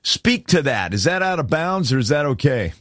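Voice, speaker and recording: A man hosting a call-in radio show, talking in a folksy, animated way. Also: a little high, normal speed, no echo, studio quality. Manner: folksy, animated, laughs easily. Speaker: radio host.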